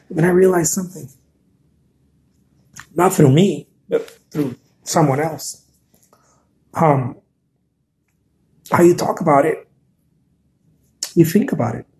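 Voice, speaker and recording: A man's voice: fairly high pitch, unhurried, pauses often, darkish tone, a little hiss or hum. Man, live-stream host, chatty and earnest, encouraging tone, repeats himself while reading viewer comments. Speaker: artist hosting a live stream. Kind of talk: casual live-stream talk.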